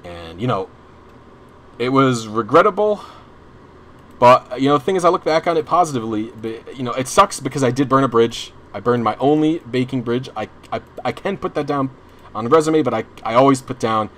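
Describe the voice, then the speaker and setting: A young man chatting over his gameplay stream, drifting through a story with restarts and blunt swearing. His voice sits in an ordinary middle pitch, and the talk is loose and unscripted. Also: animated, a little fast, a bit bright, a little hiss or hum. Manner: rambling, restarts often, swears freely. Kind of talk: casual storytelling while gaming.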